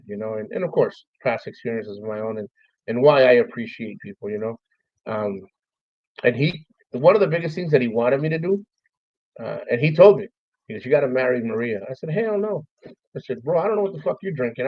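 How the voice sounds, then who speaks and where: A man's voice: medium pitch, no room sound. Dull lo-fi man remembering a friend. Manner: loose, profane, thanks listeners by name. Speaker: podcast host. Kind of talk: casual memorial monologue. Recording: dull, dry, lo-fi stream audio.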